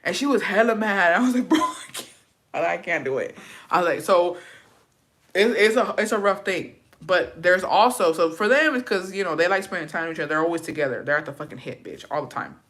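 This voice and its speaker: A young woman vlogger casually tells a family story, cursing freely, staying animated, and slipping into Spanish phrases. Her voice is on the low side and her pace is brisk.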